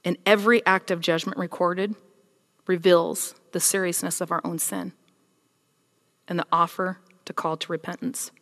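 A woman's voice: on the low side, normal speed, in a large hall. A woman preaching a casual sermon, retelling scripture as a story and voicing the figures in it. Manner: casual, storytelling, animated with voiced quotes.

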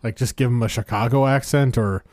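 A man's voice: mid-range voice, fairly even intonation, fairly quick, a little mellow, no room sound, studio quality. Hesitant man giving a film opinion. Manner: hesitant, many "uh" and "I mean". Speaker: podcast regular. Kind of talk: casual film discussion.

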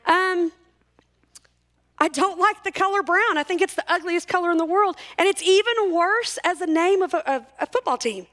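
A woman's voice: extremely high pitch, normal speed, fairly bright tone. A woman in her forties giving a chatty, self-mocking talk to a church crowd, full of jokes. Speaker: church speaker. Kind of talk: humorous talk at a church service.

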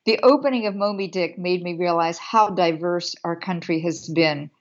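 A woman's voice: fairly low pitch, normal speed, dull audio. A woman in her seventies, chatting as an interview guest in a witty, laughing manner. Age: 70s. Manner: warm, witty, laughs often. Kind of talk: casual interview chat.

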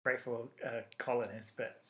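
A man's voice: medium pitch, flat delivery, moderate pace, pushed and bright. Give me a casual chat from a teasing English guy, recorded on a built-in mic. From England. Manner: teasing, playful. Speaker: podcast co-host.

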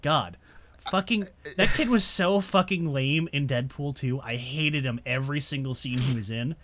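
A man's voice: medium pitch, normal speed, a bit bright, a little hiss or hum. A man co-hosting a casual movie review podcast, rambling with lots of fillers and swearing freely. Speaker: podcast co-host.

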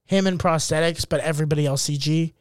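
High-pitched man, comedy podcast co-host, animated and profane, dry close sound. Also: fast talker, clean tone, no echo. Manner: animated, profane, acts out scenes in goofy voices. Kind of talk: casual comedy podcast banter.

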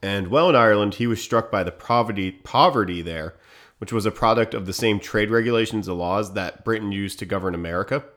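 Low-voiced man co-hosting a history podcast. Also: a little fast, fairly bright tone. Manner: reads facts then jokes around. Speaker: podcast co-host. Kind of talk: casual history podcast chat.

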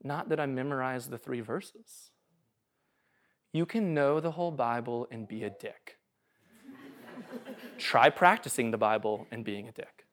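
A man's voice: medium pitch, unhurried, pauses often, fairly bright tone. Conversational jokey preacher man. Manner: casual, conversational, jokey, asks "right?" often. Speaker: pastor. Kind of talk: sermon.

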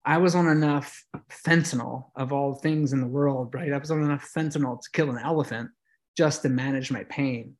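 A middle-aged American veteran, guesting on a podcast, tells his story reflectively and emotionally, with lots of fillers and restarts. His mid-range voice keeps a steady tone and a moderate pace in this casual interview.

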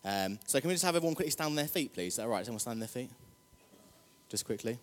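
Jokey preacher in a reverberant hall. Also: male voice, mid-range voice, animated, very fast. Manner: jokey, chatty, crowd-rousing. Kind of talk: casual sermon. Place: church hall.

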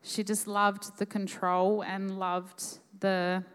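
A young Australian woman telling a personal story on a conference stage, emotional and halting, full of fillers. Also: mid-range voice, little pitch movement, clear, resonant tone. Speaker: conference guest speaker. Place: live conference hall. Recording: echoey hall.

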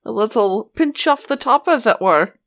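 A woman's voice: a little high, lively intonation, moderate pace. A woman playing a sly young female adventurer who bargains in a coy, wheedling way in a tabletop game.

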